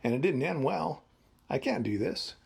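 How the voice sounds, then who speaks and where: A man's voice: a little high, sing-song, normal speed, vocal fry, darkish tone, breathy edge, full character voice. A man voicing a reluctant old male shepherd who makes nervous excuses in casual modern slang. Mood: defeated.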